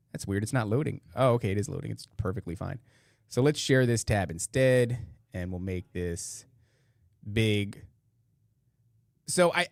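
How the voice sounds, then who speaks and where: A man's voice: medium pitch, no echo, clean studio sound. A man hosting a podcast, reacting to clips with sarcastic, rambling commentary. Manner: sarcastic, mocking, rambling asides. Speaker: podcast host. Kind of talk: casual commentary over clips.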